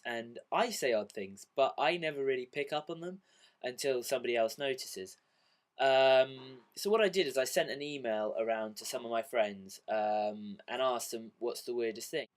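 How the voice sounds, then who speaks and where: A man's voice: medium pitch, a bit bright. Rambling, self-deprecating man. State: unwell and dizzy. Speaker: vlogger. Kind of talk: rambling casual vlog.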